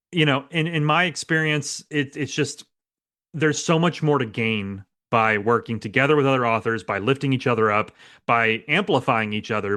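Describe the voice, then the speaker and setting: A man's voice: mid-range voice, fairly bright tone. A man hosting an interview podcast, chatty and friendly, laughing often and restarting his sentences. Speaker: podcast host. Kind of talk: casual interview chat.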